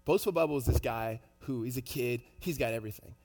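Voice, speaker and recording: A man preaching a sermon in a conversational storytelling way, animated, with many fillers and restarts. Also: medium pitch, quick pace, long reverb tail, faint music behind. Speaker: pastor.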